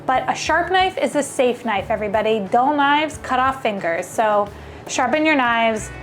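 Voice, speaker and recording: Woman vlogging in her kitchen, chatty, enthusiastic, slightly high voice, soft music behind. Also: animated, normal speed. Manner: chatty and enthusiastic, thinks aloud while cooking. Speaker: cooking video host. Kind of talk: casual cooking vlog. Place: home kitchen.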